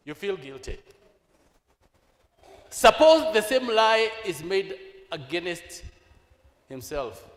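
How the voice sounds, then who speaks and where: A man's voice: sits high, sing-song, slow pace, pauses often. A Kenyan man preaching a sermon in a church, questioning the congregation and slipping into Swahili. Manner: asks the congregation rhetorical questions; switches into Swahili mid-sentence. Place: church hall. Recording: echoey reverberant church hall.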